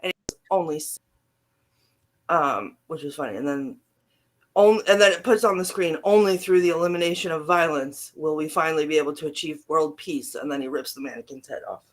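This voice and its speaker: A woman's voice: low voice, fairly quick. Giggly woman recapping a movie. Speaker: podcast co-host. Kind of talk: casual movie-recap chat.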